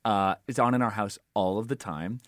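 A man co-hosting a casual podcast chat, telling stories in a measured, dry way. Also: on the low side, a bit bright, dry recording. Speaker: podcast co-host.

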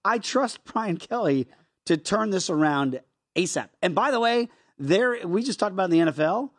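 A middle-aged man co-hosting a sports betting show, talking in an emphatic, wry, animated way. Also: high-pitched, moderate pace, no room sound, studio quality. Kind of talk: casual sports betting chat.

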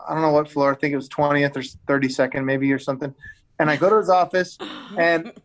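A man guesting on a podcast, spinning a loose, rambling story in a relaxed, slangy way. His voice sits a touch higher than most men's, and he leans on "like" and "dude" and repeats words as he goes. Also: quick pace. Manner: laid-back and slangy, full of "like" and "dude". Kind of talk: casual podcast chat.

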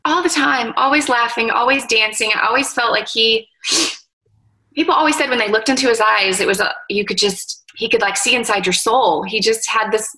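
Bright-voiced woman speaking tenderly. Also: a little high, low-quality recording. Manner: soft-spoken, tender, reflective with pauses and fillers. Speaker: interview guest, mother. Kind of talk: emotional interview conversation.

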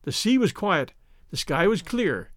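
A man narrating an audiobook with an expressive storytelling delivery. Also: high voice, a little slow, no echo, studio quality. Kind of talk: scripted narration.

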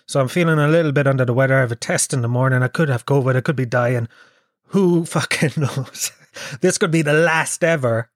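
A young man from Kerry, Ireland, hosts his podcast while nursing a cold, rambling and swearing in a self-deprecating comedic monologue. His voice is medium-pitched, recorded dry with clean studio sound.

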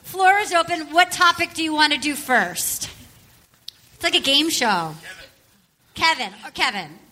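Giggly high-voiced woman host. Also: moderate pace, a little hiss or hum. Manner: giggly, gossipy, excitable. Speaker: podcast host. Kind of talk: casual chat.

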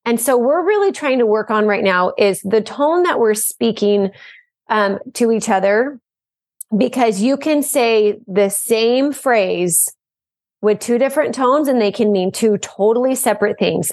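Loud and energetic by nature, a mother who co-founded a program tells stories animatedly as a guest in a casual interview. Her voice has a fairly high pitch, captured with studio quality and no room sound.

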